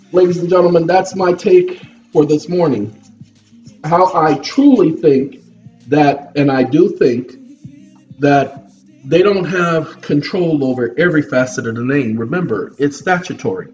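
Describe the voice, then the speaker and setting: High-voiced man lecturing from afar. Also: darkish tone, recorded from a distance, highs cut off. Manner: repetitive, lecturing, asks "okay?" often. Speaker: vlogger lecturing viewers. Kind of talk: preachy monologue to camera. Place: at a computer desk.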